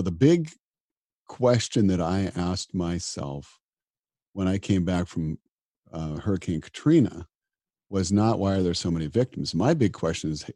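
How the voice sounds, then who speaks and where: A middle-aged disaster physician speaks earnestly and reflectively in an interview, often repeating words as he starts a sentence. His voice is low-pitched and warm with a breathy edge, recorded with studio quality and no echo.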